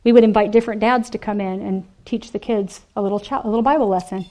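A woman giving an animated, emphatic sermon to a women's gathering, acting out the quoted voices. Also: medium pitch, fast talker. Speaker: speaker at a women's ministry event.

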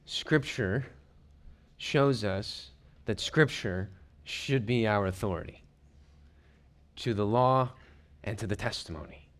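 A man preaching a sermon, reading scripture aloud and explaining it, building to emphatic points and then dropping low and quiet. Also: slow pace, pauses often. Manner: drops to a low, quiet tone to drive points home.

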